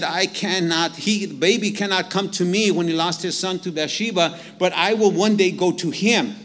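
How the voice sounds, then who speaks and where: A man in the pulpit preaches with animated energy, his voice sitting a little high for a man. He slows right down to read scripture aloud, then speeds back up to talk straight to the congregation. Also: long reverb tail. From Mexican heritage. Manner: animated preaching, reads scripture slowly, asks "right?" to the crowd. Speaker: pastor. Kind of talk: sermon.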